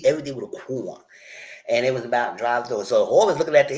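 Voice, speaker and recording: A man hosting a casual live recap of a TV show, retelling scenes with a lively, swinging pitch. He jumps in and out of the characters' lines as he tells the story. His voice sits at a middle pitch but moves all over. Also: a little fast. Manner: animated retelling, quoting characters in shifting voices. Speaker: TV recap host.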